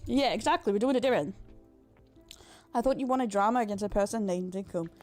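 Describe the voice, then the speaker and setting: A woman's voice: medium pitch, brisk, a little mellow, faint music behind. A young Australian woman with an Australian accent, live-streaming a game and chatting with her viewers, swearing and teasing them. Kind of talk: live-streamed gameplay chat.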